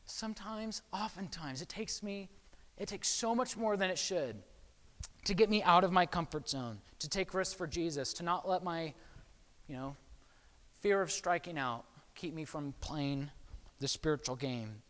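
Speaking unhurriedly in a large hall, a man with a slightly high, fairly bright voice preaches a sermon. He talks conversationally and checks in with the audience again and again with "okay?"

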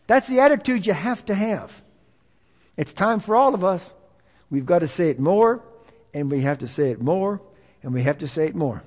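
A preacher with a notably high voice delivers an emphatic sermon. He hammers his points through repetition and call-and-response. The sound rings with the long reverb of a church hall. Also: animated, normal speed, long pauses, a little mellow, husky.

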